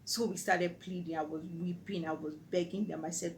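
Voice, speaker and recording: Nigerian lady vlogging a personal story, earnest, lowish voice. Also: steady tone, moderate pace, vocal fry, few pauses, slight background noise, poor audio. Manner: earnest, vivid retelling.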